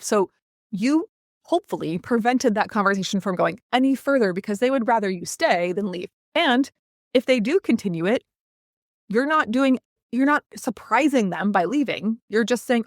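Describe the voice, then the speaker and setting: Woman podcast host, mid-pitched, chatty and playful, dry close mic. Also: moderate pace, no echo. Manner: chatty, playful, acts out quoted lines. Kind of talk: casual solo podcast talk.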